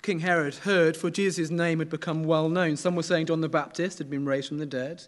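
Middle-aged man, sermon, conversational, slightly high pitch. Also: steady tone, fairly quick. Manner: conversational, asks the congregation questions. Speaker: preacher.

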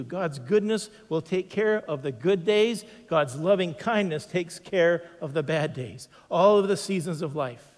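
A man preaching a sermon as pastor, emphatic, slowing down to stress repeated phrases. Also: high voice, long reverb tail.

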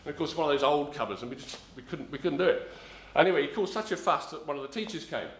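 This sermon comes from a middle-aged man from south-east London, who rambles through a personal anecdote with frequent ums, restarts and self-corrections. He talks fast, his voice on the high side and fairly bright, in a roomy acoustic.

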